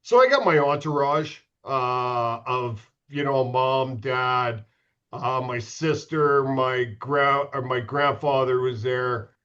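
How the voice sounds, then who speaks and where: A man's voice: medium pitch, slow, pushed and bright, smooth. A middle-aged man spins loose, profane stories as a podcast guest, candid and mocking himself as he goes. His voice sits in an ordinary middle register, and the podcast audio is a little dull and lo-fi. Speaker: podcast guest, former pro hockey goalie. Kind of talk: casual storytelling.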